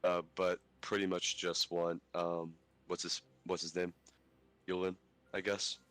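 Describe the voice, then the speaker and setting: A young man playing in a tabletop game, chatting casually in a relaxed, rambling way. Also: low voice, measured pace, no echo. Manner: relaxed, rambling, with fillers and laughs. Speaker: player.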